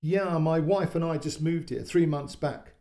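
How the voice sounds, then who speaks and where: A man's voice: a little high, fairly even intonation, a little slow, warm tone. A man doing a chatty, friendly neighbour. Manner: easygoing, chatty, colloquial.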